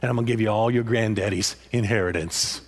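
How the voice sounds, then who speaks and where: A man's voice: on the low side, quick pace. A man preaching a sermon with passion, repeating phrases and prodding his listeners with "huh?" after each point.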